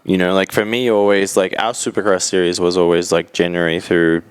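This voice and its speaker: Australian man in his thirties, very low voice, relaxed rambling interview guest. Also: brisk, clear, resonant tone. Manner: rambling, laid-back, laughs often. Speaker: guest, pro racer. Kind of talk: casual interview chat.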